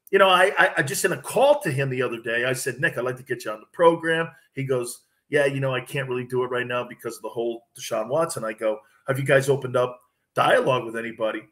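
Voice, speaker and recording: A man talking sports as a radio host guest, telling stories animatedly and acting out what others said. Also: medium pitch. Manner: animated, acts out quotes from others. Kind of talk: casual sports talk storytelling.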